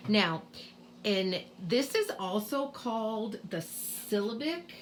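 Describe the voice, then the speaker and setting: This kindergarten teacher, middle-aged with a Boston accent, records a home lesson explaining spelling rules to parents and sounds out letters patiently. She speaks slowly in a mid-range voice with wide pitch movement, over slight background noise.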